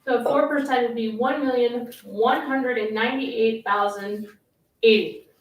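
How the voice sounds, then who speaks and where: A woman supervisor chairs a township board meeting in an indoor meeting room, reading out figures and motions in a businesslike way. Her voice is a little high and a little slow. The room is echoey and the mic is far off.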